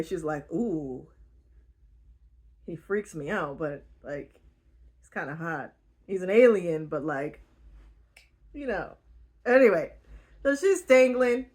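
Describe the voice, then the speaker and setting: A woman retelling a book in a casual, rambling way, giggling often and using lots of fillers. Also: mid-range voice. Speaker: book reviewer.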